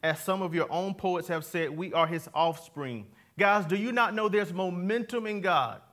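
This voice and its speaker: A pastor with a high, somewhat bright voice preaches at a moderate pace to a live congregation in church. His conversational sermon mixes jokes with scripture readings, and he has the crowd call key words back to him.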